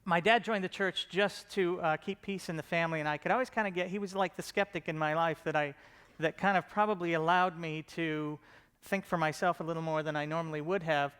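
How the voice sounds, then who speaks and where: A man's voice: on the high side, fairly even intonation, a little fast, fairly bright tone, clean tone. A middle-aged man giving a casual, joking conference talk about his comedy show, self-deprecating and full of fillers and restarts.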